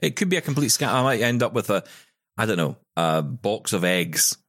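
A man co-hosting a casual podcast, low-pitched but swinging widely in pitch as he insists on his point. He stammers through restarts, heard dry and close. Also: a little fast, no room sound. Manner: insistent, animated, repeats himself with stammered restarts. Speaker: podcast co-host. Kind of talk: casual chat.

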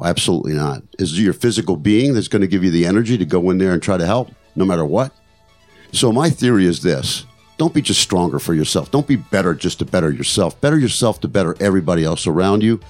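Earnest low-voiced older man. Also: expressive, fast talker, a little mellow, soft background music. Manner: earnest, motivational, repeats phrases for emphasis. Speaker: podcast host. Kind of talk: reflective storytelling monologue.

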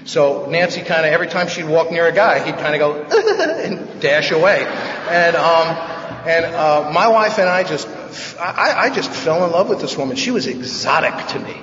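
A man's voice: fairly high pitch, normal speed, noisy background. Wry storyteller man from the Bronx, echoey hall. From the Bronx, New York. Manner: wry, joking, animated storyteller. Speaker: speaker at a recovery meeting. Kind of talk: personal recovery talk, humorous storytelling. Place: large meeting hall. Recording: echoey hall, distant mic, dull sound.

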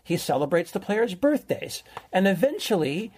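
A man's voice: high voice, big pitch swings, moderate pace, darkish tone, husky. A middle-aged man co-hosting a podcast, chatting casually and enthusiastically as he recommends a show. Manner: enthusiastic, rambling storyteller. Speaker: podcast co-host, film recommender. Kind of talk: casual chat.

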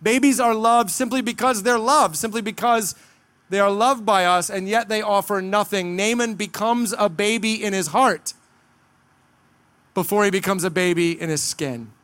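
A man with a high, smooth, resonant voice delivers an earnest sermon. He preaches with emphasis, sometimes slipping into quick dramatized asides. The sound is dry and close. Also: fairly bright tone, dry recording. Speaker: pastor.

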